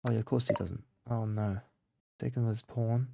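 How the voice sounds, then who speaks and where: A chess content creator thinks aloud while playing blindfold chess for his channel, muttering moves to himself. His medium-pitched, creaky voice has fairly even intonation and normal speed, recorded at studio quality with no room sound. He shifts from quiet focus to flustered panic when he loses track of the board.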